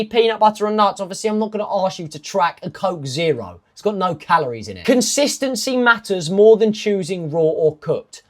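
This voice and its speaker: A man, a fitness coach, talking casually through nutrition rules in step-by-step lists, with self-mocking asides. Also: high voice. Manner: emphatic, stepwise lists of rules. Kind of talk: casual instructional talk.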